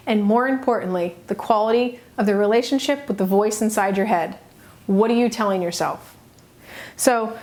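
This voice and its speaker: A middle-aged woman with a slightly high voice gives a motivational teaching talk. She speaks earnestly and with emphasis. She pauses between her short phrases. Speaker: self-help coach.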